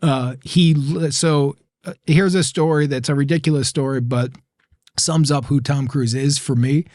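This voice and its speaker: A man's voice: on the high side, moderate pace, no echo, clean studio sound. A man, a guest on a podcast, telling a story in a loose casual way, acting out the dialogue and laughing often. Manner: animated, acts out quoted dialogue, laughs often.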